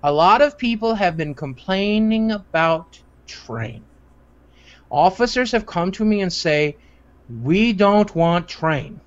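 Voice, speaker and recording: A woman's voice: mid-range voice, expressive, lo-fi sound, pitched above the performer's own voice. Man putting on a guild leader lady with a made-up accent. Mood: earnest. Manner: slow, choppy broken-English phrasing.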